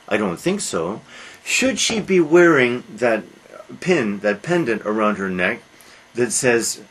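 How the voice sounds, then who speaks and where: A man giving a classroom literature lecture, halting with "uh" fillers and posing rhetorical questions he answers himself in a dry way. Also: medium pitch, rough recording. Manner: halting, with frequent "uh" fillers and restarts.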